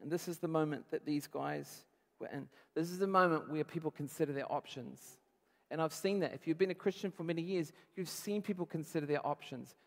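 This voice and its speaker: A male pastor giving a conversational, animated sermon, acting out quotes as he goes. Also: on the high side, a little fast, creaky, in a large hall.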